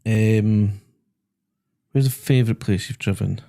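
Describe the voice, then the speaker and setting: A man's voice: fairly low pitch, fairly even intonation, measured pace, creaky, dark tone. A man with a Scottish accent hosting a podcast, chatting casually and telling stories that make him laugh. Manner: chatty storyteller, laughs at his own stories. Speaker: podcast host and driving instructor. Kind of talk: casual chat. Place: small podcast studio.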